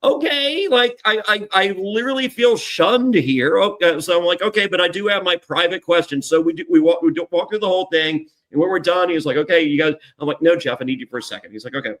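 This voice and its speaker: A man co-hosting a podcast, swearing freely as he tells animated stories and acts out other people's voices. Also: on the high side, quick pace, few pauses. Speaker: podcast co-host, former reality show contestant. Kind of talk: casual storytelling chat.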